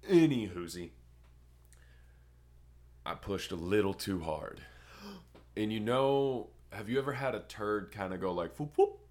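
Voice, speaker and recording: Deep-voiced man telling a crude story. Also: lively intonation, unhurried, pauses often, a little mellow. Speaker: podcast co-host. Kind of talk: casual chat.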